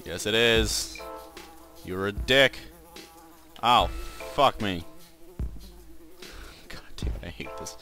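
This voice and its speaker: A man doing let's play gaming commentary, excitable and swearing often, yelping when he fails. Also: fairly low pitch, slow pace, pauses often, soft background music. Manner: excitable, swears a lot, yelps at failures.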